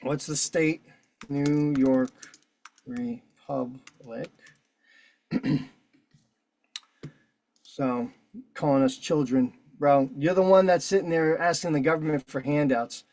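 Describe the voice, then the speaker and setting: This man's voice sits on the high side and has a darkish tone, fairly even intonation, and a slow pace with frequent pauses, with no echo. He hosts an online meeting on video call, filling out a form in a casual, profane, combative walkthrough.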